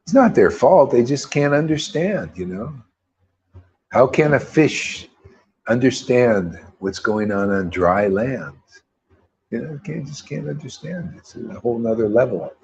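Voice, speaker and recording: Husky man, rambling devotional speaker, lively pitch swings, dull lo-fi recording. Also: a little slow. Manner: rambling, laid-back, says "man" often. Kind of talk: casual devotional talk.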